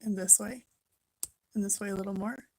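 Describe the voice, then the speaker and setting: A woman's voice: medium pitch, fairly even intonation, moderate pace, mellow, rough recording. A woman from Minnesota hosting a casual live-stream chat from home, greeting viewers by name and laughing often.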